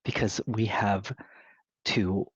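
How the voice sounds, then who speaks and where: A man voicing a prim, authoritative older woman who heads a committee, speaking in crisp, disapproving formal tones. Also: fairly low pitch, steady tone, slow, no room sound, lo-fi sound, exaggerated voice. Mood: scolding.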